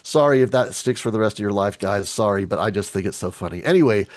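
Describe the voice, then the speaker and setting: A man leading a virtual team meeting, talking casually and joking, with halting restarts over a video call. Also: lowish voice, lively intonation, a little mellow, dry recording. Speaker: team leader.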